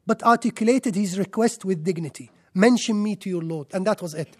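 A man's voice: high voice, moderate pace. A man giving a sermon in an emphatic way, stacking up lists and rhetorical questions. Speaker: preacher.

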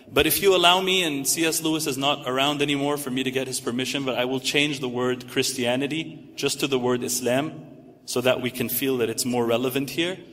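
A man's voice: medium pitch, a bit bright. Emphatic male speaker in an echoing hall. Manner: emphatic, building lists with rising stress. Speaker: religious speaker. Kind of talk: religious lecture to a live audience. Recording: echoey hall reverb.

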